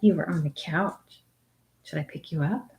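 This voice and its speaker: Slow-talking woman chatting on a craft livestream. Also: slight background noise. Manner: slips into high baby talk with her dog, drops to soft whispers. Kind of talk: casual livestream chat.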